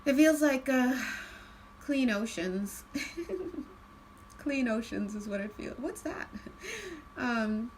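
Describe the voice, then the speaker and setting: A woman's voice: on the high side, drawn-out words, long pauses, slight background noise, low-quality recording. Chatty woman reading tarot cards. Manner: chatty, laughs often, stretches words when calm. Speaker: tarot card reader. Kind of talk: casual spiritual card reading.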